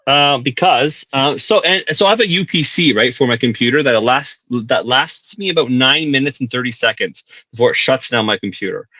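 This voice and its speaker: A man's voice: medium pitch, expressive, normal speed, few pauses, bright, forceful tone, dry recording, muffled recording. A man from Canada chatting on a livestream, rambling and joking with plenty of fillers. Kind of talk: casual livestream chat.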